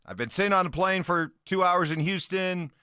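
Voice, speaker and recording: A man's voice: sits high, sharp tone, smooth, dry recording, clean studio sound. A man co-hosting a sports radio show, bantering bluntly in casual talk. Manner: quick back-and-forth banter, blunt.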